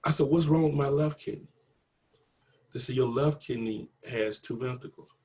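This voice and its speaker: An interviewee with a medium-pitched, darkish voice speaks at normal speed, telling a personal story in a conversational manner. He acts out the dialogue with earnest conviction, repeatedly saying "I said" and "he said" in a testimony of faith.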